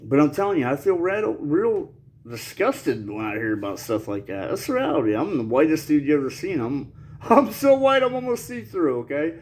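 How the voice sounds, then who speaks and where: A man's voice: a little high, big pitch swings, moderate pace. A man talking casually to his viewers in a rambling, slangy way. He laughs nervously through serious points and coughs now and then while getting over an illness. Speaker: channel host. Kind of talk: casual monologue to camera.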